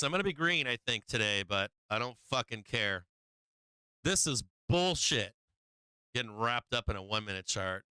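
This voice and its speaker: Guy venting on his trading stream, cussing nonstop, super clear dry mic. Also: medium pitch, sharp tone, no room sound. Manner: frustrated, swearing, venting, laughing to himself. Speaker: live stream trading host. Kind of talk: profane live trading stream chat.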